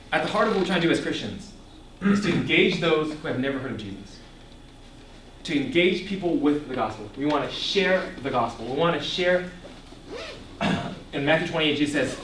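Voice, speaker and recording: A young man giving an animated ministry talk to a young audience, asking the room questions and laughing often. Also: on the high side, recorded from a distance, slight background noise. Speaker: ministry speaker. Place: echoey room before a live audience. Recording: echoey room, voice picked up from afar.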